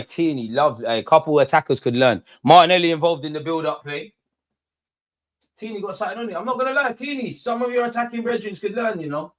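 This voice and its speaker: Young lad hosting a match watch-along, excitable, shouts at goals and ribs the players. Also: male voice, on the high side. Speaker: football watch-along host. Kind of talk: live match reaction commentary.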